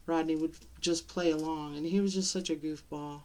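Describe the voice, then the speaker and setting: A middle-aged woman talking to the camera in a personal vlog, halting and tearful, with many pauses and restarts. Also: low voice, steady tone, darkish tone. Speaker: vlogger.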